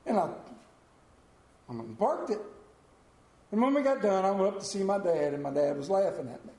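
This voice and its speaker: A man in his fifties preaching a sermon, telling a folksy personal story and rising in pitch and volume as he drives points home. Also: sing-song, fairly quick, reverberant. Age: 50s. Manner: folksy storytelling, rises loud and high when preaching.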